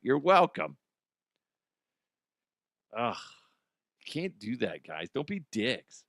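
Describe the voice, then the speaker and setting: A middle-aged man hosts a talk radio show, rambling through stories with plenty of swearing and self-mockery. His voice sits at an average pitch and sounds dry and close, with no room around it. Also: very animated, drawn-out words, creaky, pauses often, a bit bright, no echo. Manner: profane, self-deprecating, rambling. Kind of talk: casual comedic talk radio monologue.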